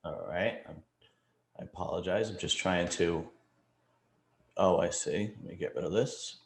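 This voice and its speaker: Deep gravelly male interview host. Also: measured pace. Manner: brief listening replies, fumbles while searching online. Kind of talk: casual interview.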